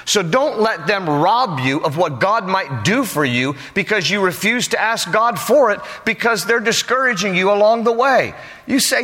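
A male pastor preaching a sermon in an animated way, acting out the people in his stories. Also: a little high, moderate pace, big-room sound.

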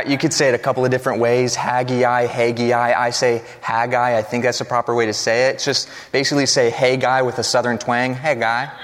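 A man's voice: medium pitch, fairly bright tone. A man leading a Bible study in a casual, joking way with some ums, then reading scripture aloud and praying. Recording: long hall reverb.

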